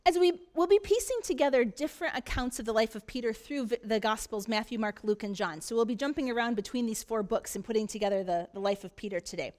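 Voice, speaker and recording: High-voiced woman pastor preaching. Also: fast, hardly any pauses, darkish tone. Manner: storytelling, earnest, frequent restarts. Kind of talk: sermon. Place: church.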